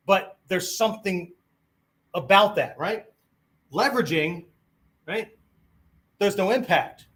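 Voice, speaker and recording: A man's voice: high-pitched, fairly bright tone. Talkative male martial arts instructor. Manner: conversational, peppers sentences with "right?" and "okay?"; demonstrates tones of voice on quoted phrases. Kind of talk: lecture-style teaching.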